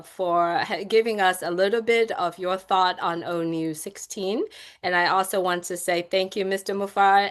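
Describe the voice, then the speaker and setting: A woman speaking on a live online group call, slow and emphatic, repeating key words for her listeners. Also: medium pitch, fairly bright tone.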